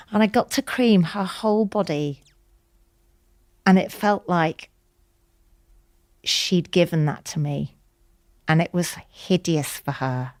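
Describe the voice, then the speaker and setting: A woman's voice: on the low side, takes it slowly, pauses often, dry recording, studio quality. Tender woman telling her story. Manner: earnest, tender, drops to soft whispers at times. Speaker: podcast guest. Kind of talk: emotional personal storytelling.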